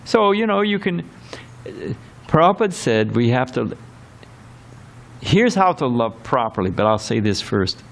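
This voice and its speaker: In a temple hall, a man with a mid-range, sing-song, creaky voice gives a scripture class at a measured pace, pausing often. His temple sermon lecture rambles conversationally, packed with fillers, asides and acted-out quotes in different voices.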